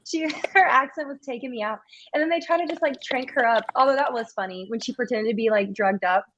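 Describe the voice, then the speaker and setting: A woman's voice: a little high, fairly quick, dull audio, slight background noise. A woman chatting casually on a podcast, telling stories animatedly and acting out quotes. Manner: animated storyteller, acts out quotes with laughter. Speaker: podcast guest co-host. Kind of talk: casual chat.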